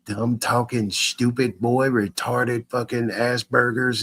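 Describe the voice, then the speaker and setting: Husky man ranting at his chat. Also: medium pitch, little pitch movement, moderate pace, few pauses. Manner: repetitive, stammering restarts, profane. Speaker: streamer. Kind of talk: ranting live stream to chat.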